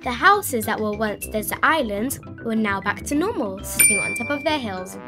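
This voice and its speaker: A woman narrating a children's storybook aloud in an expressive, sing-song way. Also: fairly high pitch, moderate pace. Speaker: storybook reader. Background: background music.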